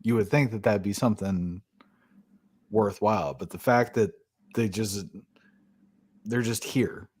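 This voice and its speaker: A man's voice: lowish voice, measured pace, long pauses, darkish tone, slightly rough. A man co-hosting a podcast in casual chat, blunt and profane and laughing often. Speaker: podcast co-host.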